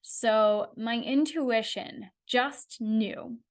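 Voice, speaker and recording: The podcast host talks extremely slowly, her voice fairly high, as she narrates her own experiences. It's a candid, conversational monologue with an animated retelling.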